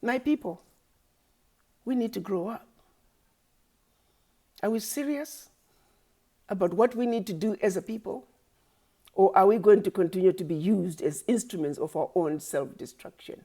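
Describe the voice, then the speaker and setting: Her voice sits in the mid range, warm and at a normal speed, broken up by long pauses. Talking directly to the camera as an activist, she preaches and accuses, leaning on rhetorical questions and refrains she repeats.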